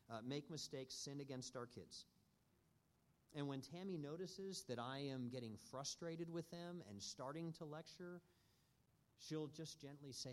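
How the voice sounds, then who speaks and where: A man teaching a church parenting class in an earnest, measured way with frequent pauses. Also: medium pitch, darkish tone.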